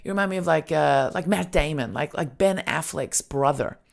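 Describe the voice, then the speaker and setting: A woman voicing a gushing, high-pitched drunk man in his sixties who keeps repeating himself. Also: moderate pace, creaky. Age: 60s. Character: drunk old Scottish man at a bar, gushing.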